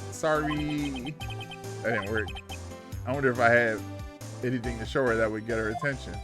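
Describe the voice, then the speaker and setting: A man's voice: medium pitch, fairly even intonation, fast talker, music in the background. A male streamer reading game dialogue aloud and joking casually as he plays.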